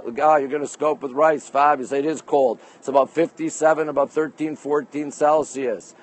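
A man's voice: fairly high pitch, fairly even intonation, normal speed, few pauses, low-quality recording. A man from Canada hosting a casual livestream on a city rooftop at night, greeting viewers by place name and reading their comments aloud into his phone. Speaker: livestream host.

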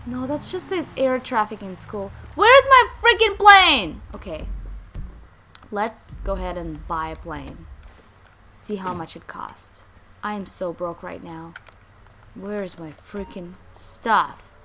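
A young woman hosting a let's play, commenting with exasperation, muttering and then yelling. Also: medium pitch, animated, unhurried, a little hiss or hum. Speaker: gaming channel host.

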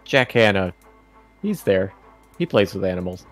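Low-voiced teasing man on a game stream. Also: sing-song, normal speed, faint music behind. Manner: playful, teasing. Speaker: co-host guest. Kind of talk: casual chat over gameplay.

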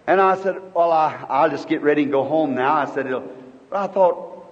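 A man in his fifties preaching a sermon, telling a story in an earnest, halting way with many restarts. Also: a little high. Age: 50s. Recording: dull old sermon tape in a reverberant hall.

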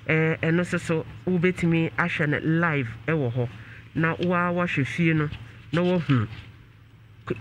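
A man's voice: fairly high pitch, fairly bright tone, slight background noise. A man hosting a radio talk show, asking short questions and announcing where listeners can watch. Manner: asks short questions, announces station plugs.

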